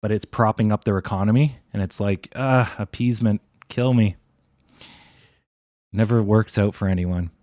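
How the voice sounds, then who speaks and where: Low-voiced man talking charts. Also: fairly even intonation, brisk, few pauses, a little mellow, no echo, clean studio sound. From Canada. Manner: casual, rambling, thinking aloud with restarts. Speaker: stock trading streamer. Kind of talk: live stream chart commentary.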